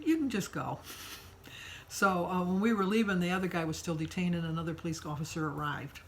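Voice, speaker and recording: A woman's voice: on the low side, a little hiss or hum, rough recording. Chatty older woman telling a story. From Michigan. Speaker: vlogger. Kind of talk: casual daily vlog.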